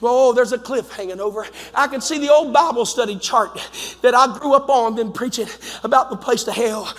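A man with a Southern accent preaching a fiery revival sermon as pastor, swinging between shouted warnings and low, quiet pleading. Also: normal speed. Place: large church sanctuary. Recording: long hall reverb.

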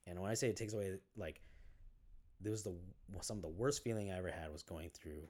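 A man, a podcast guest, telling his own story in a casual interview, halting with many fillers and restarts and casual swearing. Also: deep voice, a little mellow.

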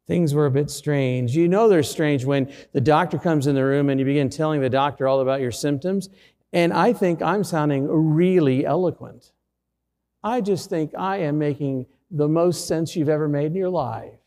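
A man's voice: a little high, moderate pace, a little mellow, long reverb tail. A middle-aged man, a pastor, preaching a sermon through a personal story with self-deprecating humor.

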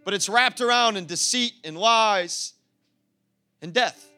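Male pastor, energetic sermon, high voice, faint music behind. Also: slow. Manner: energetic, laughing, acts out quoted voices. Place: church.

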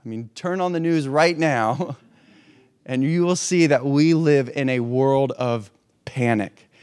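Slow and clear, with a darkish, resonant tone at medium pitch, this man delivers a sermon conversationally. He's a pastor from a hurricane-prone region who asks rhetorical questions and keeps restarting phrases.

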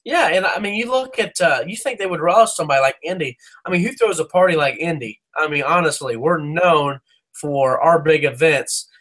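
Man co-host, somewhat higher voice, fired-up sports rants, Midwest feel. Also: fairly bright tone. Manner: fired-up ranting, swearing, quick restarts. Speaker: podcast co-host. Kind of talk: casual sports talk.

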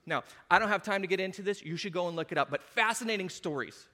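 A man's voice: high voice, quick pace, hardly any pauses, pushed and bright, big-room sound. A man preaching a sermon, retelling a story with jokey asides and acted-out voices. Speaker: pastor. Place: church hall with congregation.

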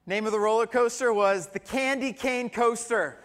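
Man, pastor, high voice, sermon, humorous storytelling, long hall reverb. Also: moderate pace, a bit bright. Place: church sanctuary.

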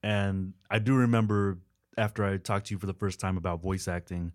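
A man's voice: low-pitched, little pitch movement, brisk, a little mellow, no echo, clean studio sound. A man co-hosting a podcast interview, chatting casually and telling joking anecdotes. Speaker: podcast co-host.

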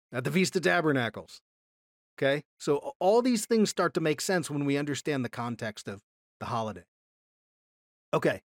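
A man teaching a Bible class from slides in a relaxed, conversational way, often checking in with his listeners and growing enthusiastic about discoveries. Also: on the high side, dry recording, clean studio sound.

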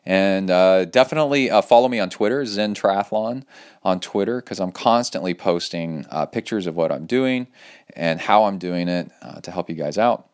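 Deep-voiced man, upbeat podcast host. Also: normal speed, clean tone. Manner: loose and rambling, many fillers, upbeat and enthusiastic. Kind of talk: casual solo podcast talk with sponsor read.

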